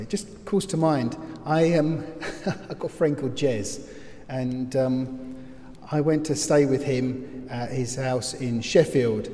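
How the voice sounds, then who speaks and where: A man preaching an expository sermon, telling stories and acting out loud screams as he explains the text. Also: medium pitch. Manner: storytelling, breaks into loud acted screams. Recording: long hall reverb.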